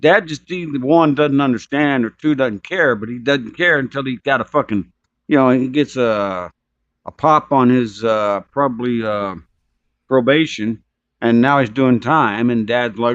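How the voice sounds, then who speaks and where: A man's voice: medium pitch, a little slow, fairly bright tone, dry recording. Man, blunt, opinionated, profane, dull lo-fi audio, dry. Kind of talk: casual chat.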